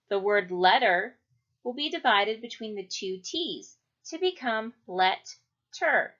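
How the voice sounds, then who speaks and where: A woman teaching a children's phonics lesson, speaking clearly and drawing out each syllable. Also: a little high. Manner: slow, clear, stretching out syllables. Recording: dull lo-fi recording.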